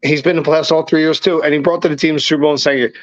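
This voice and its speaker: A fired-up man co-hosting a sports podcast, swearing freely as he rants with a somewhat high voice. The recording sounds dull and lo-fi. His delivery is emphatic and blunt. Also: level tone, very fast, dry recording. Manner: profane, emphatic, rising to near-shouting rants. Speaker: podcast co-host. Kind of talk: casual sports talk.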